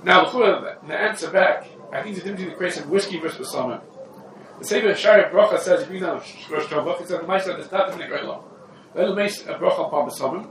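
A man's voice: high-pitched, quick pace. A man giving an informal, conversational Torah lesson, moving between English and Yiddish and Hebrew terms. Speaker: rabbi teaching a halacha class. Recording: roomy echo from a distant mic with faint background noise.

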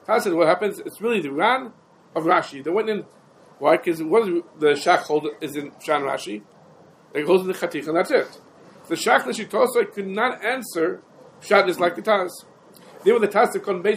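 High-voiced man giving a lecture. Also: slight background noise, low-quality recording. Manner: animated, questioning and answering himself. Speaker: Talmud teacher. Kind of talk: yeshiva-style halachic lecture.

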